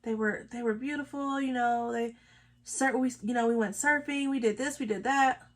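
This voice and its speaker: A woman's voice: a little high, steady tone, normal speed. A woman, chatting casually and telling gossipy stories with sassy asides while she does her makeup. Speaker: beauty vlogger.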